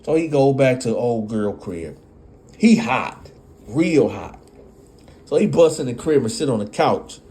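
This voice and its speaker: A man's voice: medium pitch, lively intonation, measured pace, long pauses, mellow. A man casually telling a story and speaking straight to his audience. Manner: conversational, addresses the audience.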